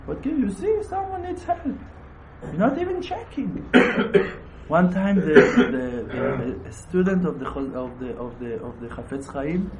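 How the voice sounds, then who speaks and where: A man's voice: fairly high pitch, sing-song, a little slow, a crowd in the background. A man giving a Torah sermon as a rabbi, emphatic and repetitive, with laughing asides. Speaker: rabbi teaching.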